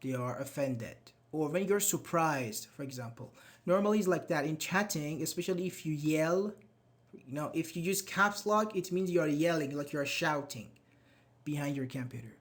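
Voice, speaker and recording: A man's voice: a little high, moderate pace. A man teaching a live online English grammar class, patiently reading out students' chat answers and praising them.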